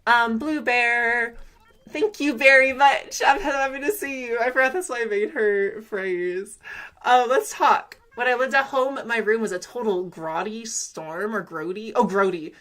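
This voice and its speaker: A woman's voice: fairly high pitch, measured pace, a bit bright. A young woman from California with a Valley Girl accent, chatting casually on a live gameplay stream, rambling with lots of fillers, giggles and self-corrections.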